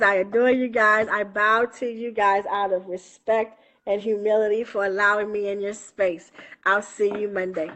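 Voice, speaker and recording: A fairly high-voiced woman coach talking live into her phone. She is affectionate and laughs often, calling her listeners baby and honey. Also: pushed and bright. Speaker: spiritual coach. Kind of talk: live-streamed casual talk.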